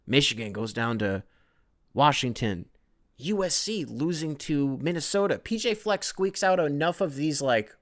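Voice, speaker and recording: A man's voice: mid-range voice, fairly bright tone, dry recording, studio quality. Profane rambling male podcast host. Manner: rambling, profane, jokey, reads listener emails aloud. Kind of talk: casual solo podcast talk.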